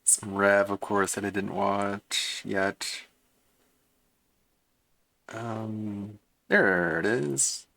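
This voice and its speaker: A man's voice: lowish voice, fairly even intonation, drawn-out words, gravelly, long pauses, bright, forceful tone, no echo. A man streaming and reacting to clips in casual commentary, mocking and swearing as he rants. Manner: mocking, profane ranting.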